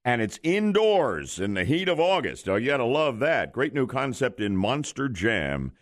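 A man's voice: medium pitch, normal speed. A male morning radio host running a call-in quiz game with jokey banter. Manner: jokey, lively delivery.

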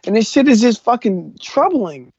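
A man's voice: very high-pitched, very animated, moderate pace, a little mellow, slightly rough, no room sound. A man co-hosting a casual podcast chat, ranting in a heated, profane way. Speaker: podcast co-host. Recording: dull, lo-fi dry recording.

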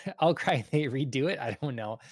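A man co-hosting a casual chat, talking in a relaxed, rambling way with plenty of fillers. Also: mid-range voice, fairly quick, no echo, clean studio sound. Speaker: podcast co-host.

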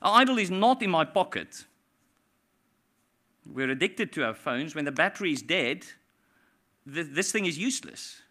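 Male pastor, slightly high voice, impassioned sermon delivery with big swings in volume. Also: sing-song, moderate pace, long pauses. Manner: impassioned preaching, swinging from hushed to loud.

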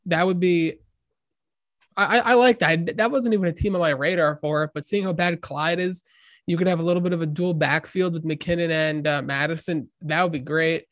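Slightly high-voiced fantasy football co-host. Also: male voice, steady tone, normal speed, fairly bright tone, no room sound, studio quality. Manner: hesitant, fantasy-football analysis with fillers. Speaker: podcast co-host. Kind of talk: casual sports chat.

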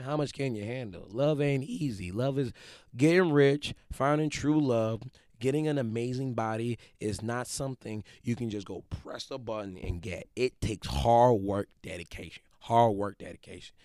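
A man's voice: on the low side, darkish tone, dry recording. A man, hosting a podcast with a casual, emphatic motivational monologue and often checking in with his listeners. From Detroit. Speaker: podcast host.

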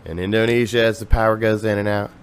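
Casual male guest from Ohio, low voice, swears freely, rambles through stories. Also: steady tone, fast, a little hiss or hum. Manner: profane, rambling storyteller. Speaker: podcast guest, musician. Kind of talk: casual chat.

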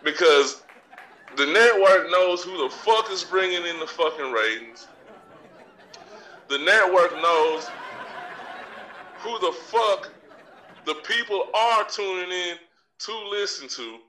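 A man's voice: high voice, lively intonation, slow pace, long pauses, sharp tone. A man hosting a podcast, delivering a brash, profane, swaggering comedic rant. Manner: swaggering and profane, trash-talking. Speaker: podcast host. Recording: distant mic with faint crowd noise.

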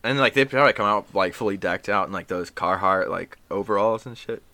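A man's voice: fairly low pitch, fairly quick, sharp tone, dry recording. A young man from Ohio in casual chat, rambling and swearing, laughing often.

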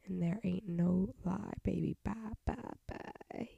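A woman's voice: lowish voice, fairly even intonation, slow, gravelly, mellow, husky, no room sound, highs cut off. A young woman with a stuffy nose hosting a casual solo podcast, rambling with half-whispered asides into a home mic. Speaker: podcast host.

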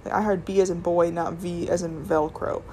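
A woman's voice: lowish voice, flat delivery, moderate pace, darkish tone, slight background noise. A young woman chatting casually through a storytime vlog about her retail job, rambling with lots of "like" and restarts. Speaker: retail worker telling work stories.

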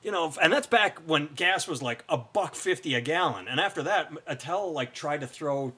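A man's voice: fairly high pitch, expressive, normal speed, pushed and bright, slightly rough. Rambling, profane male podcast storyteller. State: hiccups. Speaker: podcast co-host, stand-up comic. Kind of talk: casual podcast chat.

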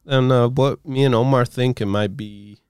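A man's voice: medium pitch, fairly even intonation, moderate pace, darkish tone, clean tone, dry recording, clean studio sound. A man co-hosting a podcast, adding short easygoing remarks and chuckles to a chat about anime. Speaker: podcast co-host. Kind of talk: casual chat recapping anime.

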